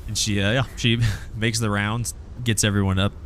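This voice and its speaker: A man narrating as game master of a tabletop role-playing game, halting and restarting often. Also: fairly low pitch, level tone, fairly bright tone, slight background noise.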